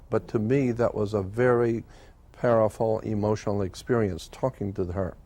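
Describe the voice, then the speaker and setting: Earnest older man, low mellow voice. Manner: earnest, halting with many fillers. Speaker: interview guest. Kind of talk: storytelling in an interview.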